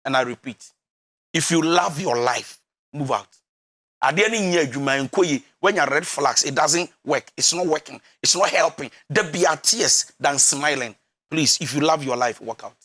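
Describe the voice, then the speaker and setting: A man's voice: on the high side, lively intonation, moderate pace, bright, forceful tone. A man with a Ghanaian accent giving emphatic relationship counselling, preachy and often laughing. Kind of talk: animated counselling talk.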